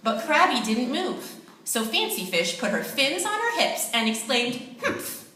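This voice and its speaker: Lively woman narrating a kids' play. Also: high-pitched, measured pace. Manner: lively, expressive storytelling. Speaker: storyteller. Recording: echoey room, distant mic, faint noise.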